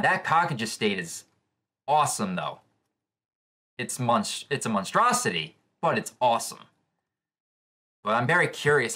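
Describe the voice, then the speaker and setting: A man giving live reaction commentary on a comic chapter, excitable and thinking aloud with restarts. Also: medium pitch. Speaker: comic reaction channel host.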